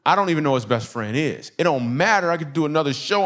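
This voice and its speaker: A man from Michigan doing stand-up storytelling in a church, animated and conversational, laughing through his punchlines. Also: on the high side, quick pace. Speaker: comedian.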